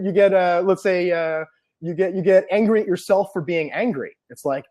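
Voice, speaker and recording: A man's voice: sits high, moderate pace, dark tone. A man being interviewed as an NLP trainer, explaining ideas earnestly and piling up examples.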